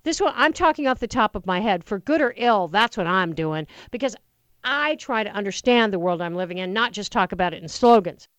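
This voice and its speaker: A woman's voice: medium pitch, lively intonation, brisk, a bit bright, dry recording. A woman hosting political call-in talk radio from a studio, passionate and rambling, often restarting her sentences. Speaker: fill-in talk radio host. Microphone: studio microphone.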